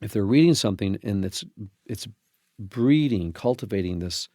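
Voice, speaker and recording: A man's voice: lowish voice, expressive, moderate pace, warm tone, no echo. A middle-aged man hosting a faith-based podcast, talking in an emphatic, preacherly way with frequent restarts. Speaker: podcast host.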